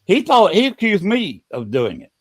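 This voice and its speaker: Halting, fairly high-voiced man telling a story. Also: huge pitch swings. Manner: halting, repeats words and restarts often. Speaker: podcast host telling a ghost story. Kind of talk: casual storytelling.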